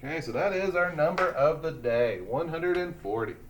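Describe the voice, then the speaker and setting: A man teaching a lesson to young children, speaking slowly and deliberately as he sounds out letters and syllables. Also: on the high side, expressive, slight background noise.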